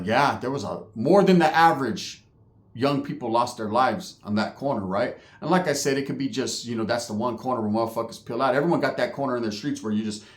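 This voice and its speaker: A man from California telling a story in a casual, profane, slangy way. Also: mid-range voice. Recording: roomy echo.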